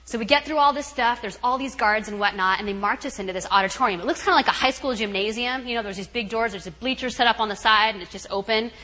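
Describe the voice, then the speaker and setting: A woman guest speaker telling a story at a retreat in an animated, chatty way, full of "you know" and "right". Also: fairly high pitch, fast, hardly any pauses, rough recording.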